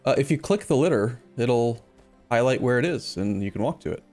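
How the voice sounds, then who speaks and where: A man hosting a multiplayer let's play in loose, chatty talk, often restarting his sentences and cracking jokes. His voice sits right in the middle of the male range. Soft game music plays faintly underneath. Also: medium pitch, lively intonation, brisk. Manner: rambling, self-correcting, jokey. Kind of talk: casual gaming chat.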